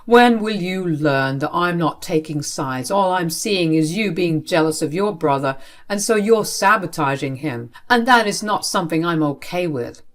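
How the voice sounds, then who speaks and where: A woman's voice: fairly low pitch, expressive, moderate pace, natural voice. A woman voicing a stern, unfair middle-aged father who scolds coldly, in her own everyday voice. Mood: harsh. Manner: scolding, cold.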